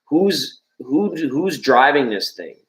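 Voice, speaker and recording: A man's voice: big pitch swings, slow pace. Rambling, playful man in an echoey room. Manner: rambling, playful, jokey, shifting pitch and loudness. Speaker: tarot reader and livestream host. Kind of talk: live-stream chat, tarot reading.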